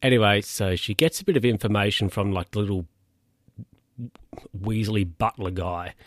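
A man's voice: fairly low pitch, no echo, clean studio sound. A man casually recapping a film's plot, rambling, with lots of fillers and self-corrections. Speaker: film recap host.

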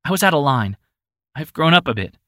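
A man's voice: big pitch swings, fairly quick, pushed and bright, no echo, clean studio sound. A man voicing a frightened grown woman searching for her missing daughter, speaking in a raised, pleading voice. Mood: earnest. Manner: raised pitch, pleading and earnest.

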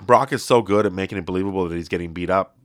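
A man's voice: deep voice, rapid-fire, no room sound, studio quality. A man hosting a podcast in casual chat, rambling and jokey with lots of fillers. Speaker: podcast host.

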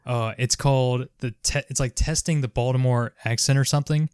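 Excitable, foul-mouthed podcast man. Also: medium pitch, brisk, clear, resonant tone, no echo, clean studio sound. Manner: excitable, swears a lot, laughing. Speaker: podcast co-host. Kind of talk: casual podcast chat.

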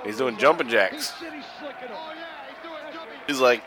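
Man, Boston-area accent, casual profane chat, lively pitch, crowd noise from a TV broadcast behind. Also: brisk. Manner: laid-back, profane, laughing often. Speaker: podcast co-host. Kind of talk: casual watch-along chat.

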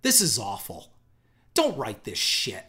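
A man's voice: mid-range voice, huge pitch swings, slow, pushed and bright. A man giving a ranting, profane commentary, sarcastic and scornful, hammering his points with repetition. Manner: emphatic, punchy repetition.

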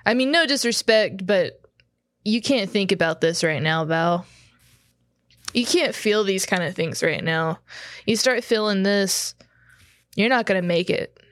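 A woman's voice: medium pitch, lively intonation, a little slow, pauses often, fairly bright tone, no echo. A woman playing a tabletop role-play game, speaking in a laid-back, coaxing way. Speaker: player.

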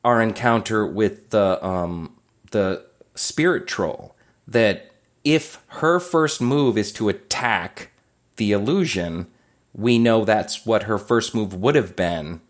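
A man's voice: lowish voice, takes it slowly. A man playing a tabletop role-playing game, talking through tactics hesitantly and restarting his sentences. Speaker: player.

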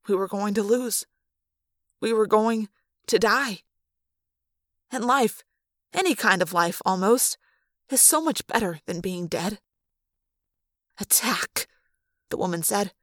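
Expressive woman reading a story aloud. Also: on the high side, unhurried, long pauses, dry recording, clean studio sound. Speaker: audiobook reader. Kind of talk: fan audiobook narration.

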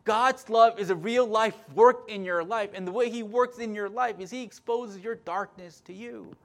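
Fervent preacher with a high-pitched voice. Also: male voice, normal speed. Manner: impassioned, swinging between loud emphasis and quiet asides; frequent restarts and repeated words. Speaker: pastor. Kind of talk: sermon.

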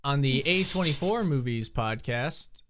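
A man's voice: mid-range voice, expressive, unhurried, a bit bright, slight background noise. A man in his twenties hosting a podcast in casual chat, rambling and making self-mocking jokes. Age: 20s. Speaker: podcast host.

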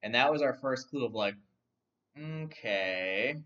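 A man's voice: mid-range voice, fast talker, bright, forceful tone. A man casually recapping a film's plot, rambling with many fillers and restarts. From not from London. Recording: dull, distant mic.

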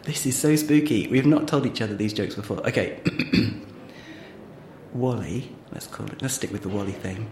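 A man's voice: fairly low pitch, moderate pace, a little mellow. A man co-hosting a podcast, telling long jokes theatrically and laughing along. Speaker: podcast co-host. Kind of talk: playful comedy sketch and joke telling. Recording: roomy sound with faint noise.

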